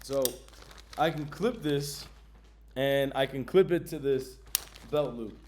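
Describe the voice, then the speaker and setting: A man talking through his travel gear for a vlog, easygoing and full of slang. He fills pauses with ums and jumps into sudden excited bursts, in a mid-range voice over a faint background hiss. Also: medium pitch. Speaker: travel vlogger. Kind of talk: casual gear demonstration.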